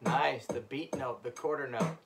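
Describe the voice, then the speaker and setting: Leading a music class for children, this man chants rhythm syllables and cheers the students on. His voice sits at medium pitch with a moderate tempo, heard over heavy background noise.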